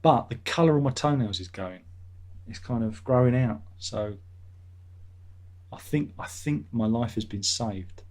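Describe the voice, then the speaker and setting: A man's voice: mid-range voice, a little slow, long pauses, a little mellow. A man hosting his own vlog, chatting in a meandering way and swearing casually. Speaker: vlogger, channel host. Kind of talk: rambling casual chat.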